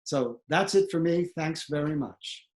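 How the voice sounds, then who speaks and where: A man's voice: a little high, animated, a little slow, a little mellow. Middle-aged male theatre professor, instructional, loose with fillers and repeats. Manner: explanatory, with fillers and repeated words. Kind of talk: instructional talk.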